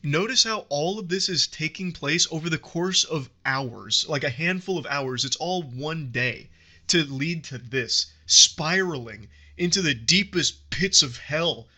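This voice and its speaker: A man's voice: a little high, animated, a little slow, pushed and bright. Man giving dramatic scripted commentary. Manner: dramatic, wry, hyperbolic. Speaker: commentary YouTuber.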